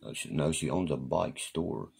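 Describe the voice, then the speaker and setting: A man's voice: very deep voice, normal speed, creaky, darkish tone, breathy edge. A man rambling profanely and boastfully through stories on a live stream. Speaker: livestreamer.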